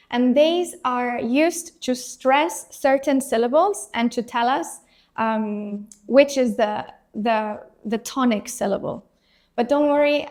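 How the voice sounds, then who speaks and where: Slow, patient woman teacher. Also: high-pitched, a little mellow. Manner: patient, reassuring, models each letter clearly for repetition. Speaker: Spanish teacher. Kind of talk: language lesson.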